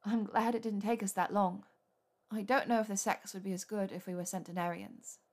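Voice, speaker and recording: A woman voicing a clever young witch who speaks crisply and primly. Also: medium pitch, steady tone, fairly quick, darkish tone, close to an everyday voice. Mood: sleepy. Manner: crisp, prim and saucy.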